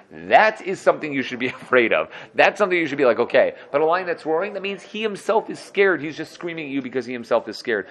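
A man, a yeshiva teacher, giving a casual Torah lesson, quick and conversational, acting out students' excuses and laughing at his own jokes. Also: mid-range voice, a bit bright.

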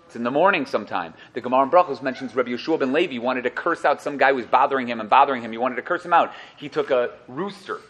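Talking very fast and barely pausing, a man with a mid-range voice leads a Torah class. He keeps it lively with storytelling, performs the voices in his tales and trades jokes with the listeners.

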